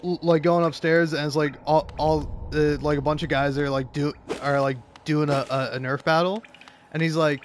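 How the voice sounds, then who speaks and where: A man's voice: fairly high pitch, steady tone, moderate pace. A man giving casual gameplay commentary, rambling with lots of fillers and laughing often. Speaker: gaming video creator.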